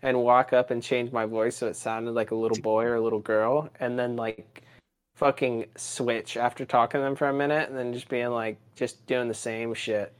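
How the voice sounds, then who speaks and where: A man's voice: mid-range voice, level tone, moderate pace, smooth. A young man co-hosting a casual podcast, telling rambling, profane stories and acting out his own rants. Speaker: podcast co-host.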